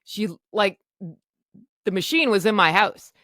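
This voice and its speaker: A woman's voice: mid-range voice, expressive, a little slow, a bit bright, no room sound, clean studio sound. A woman hosting her own podcast, telling a personal story in a frank, emotional way and swearing freely. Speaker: podcast host.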